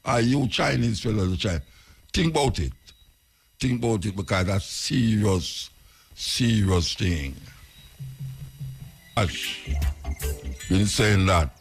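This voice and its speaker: A man's voice: deep voice, slightly rough. A man with a Jamaican accent hosting a radio talk, lecturing through rhetorical questions. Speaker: radio host.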